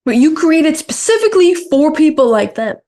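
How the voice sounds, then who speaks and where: A woman's voice: sits high, very animated, normal speed, mellow. A woman hosting a business podcast, chatting casually and backing up her guest. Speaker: podcast host. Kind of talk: casual interview chat.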